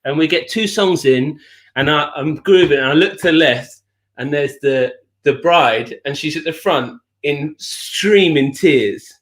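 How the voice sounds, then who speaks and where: A man from England co-hosting a live music chat show, telling an anecdote in an animated way and often laughing. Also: a little high, measured pace. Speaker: show co-host. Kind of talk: casual storytelling chat.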